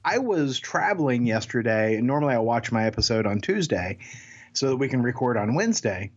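A man co-hosting a podcast in casual chat, jokey and animated, often restarting his sentences. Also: mid-range voice, a little fast, breathy edge, highs cut off. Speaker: podcast co-host.

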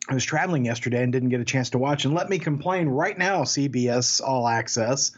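A man co-hosting a podcast in casual chat, jokey and animated, often restarting his sentences. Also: medium pitch, a little fast, slightly rough, lo-fi sound. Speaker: podcast co-host.

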